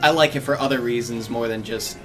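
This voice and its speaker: A man's voice: medium pitch, a little fast, fairly bright tone. A young man co-hosting a game stream, teasing and joking in casual banter. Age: young adult. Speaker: stream co-host. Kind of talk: casual gaming stream chat. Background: game music.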